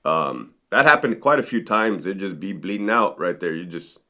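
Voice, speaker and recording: A former correctional sergeant tells stories to the camera in a conversational style, often ending his sentences with "right?". His voice is low and bright with a forceful tone, lively intonation and a normal speaking speed.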